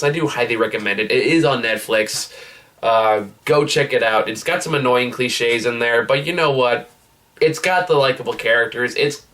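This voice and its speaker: A man's voice: mid-range voice, sharp tone, distant mic. A man giving a casual, rambling movie review, swearing freely and laughing as he retells scenes. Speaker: film reviewer.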